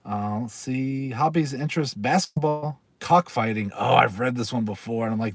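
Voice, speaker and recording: A chatty man hosts a relaxed livestream, rambling along as he reads aloud and laughs easily. His voice sits in a middle pitch and sounds dry and close, recorded at a desk mic in a small room with almost no echo. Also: normal speed, few pauses. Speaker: livestream host. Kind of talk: casual live-stream chat.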